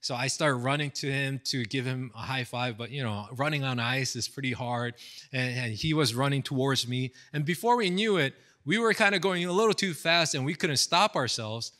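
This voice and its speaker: He's a thirtysomething US pastor with a medium-pitched voice and normal speed. Storytelling drives his casual sermon, which is animated, heavy on fillers, and spiced with acted quotes. The recording comes from an online seminar held indoors.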